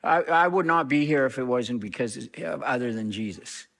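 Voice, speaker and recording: Animated middle-aged male storyteller. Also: normal speed, gravelly. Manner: animated storyteller, acts out quoted speech with big pitch jumps. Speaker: reverend, interview guest. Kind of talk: storytelling in an interview.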